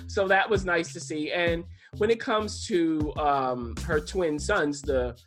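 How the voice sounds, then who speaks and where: A man's voice: fairly high pitch, takes it slowly, a bit bright, soft background music. A man co-hosting a podcast, chatting enthusiastically through a TV show review with plenty of restarts and asides. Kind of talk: casual TV review chat.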